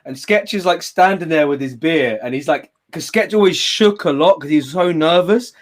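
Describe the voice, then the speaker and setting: Excitable, laughing English storyteller. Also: male voice, on the high side, normal speed. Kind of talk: casual chat.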